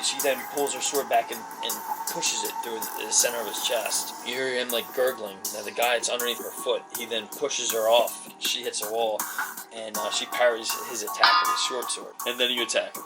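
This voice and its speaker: Casual male game master, rambling narration, distant mic, music underneath. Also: medium pitch. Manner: rambling, laughs often, many fillers. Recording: far from the mic, music behind.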